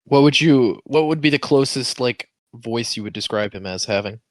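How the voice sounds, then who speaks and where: A man co-hosting a podcast in casual, animated chat. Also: medium pitch, moderate pace, dry recording. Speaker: podcast co-host.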